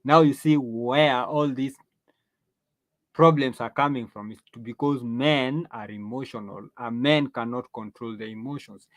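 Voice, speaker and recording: A man with a somewhat high voice delivers a lecturing monologue as host. He leans on rhetorical questions and drags out key phrases for emphasis, often restarting mid-sentence. The sound is dry, with no room echo. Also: a little mellow. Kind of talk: opinion monologue.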